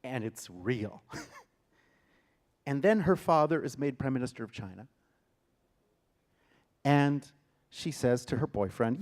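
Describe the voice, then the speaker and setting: A man, a theater director, giving a lecture and retelling a story with dramatic emphasis and sudden loud bursts. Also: medium pitch, lively intonation, slow, long pauses. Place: lecture hall.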